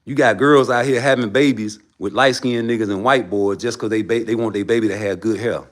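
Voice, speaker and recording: A man ranting on his livestream, profane and preachy, swinging between loud outbursts and low mutters. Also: steady tone, a little fast. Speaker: livestream host. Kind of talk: heated casual rant.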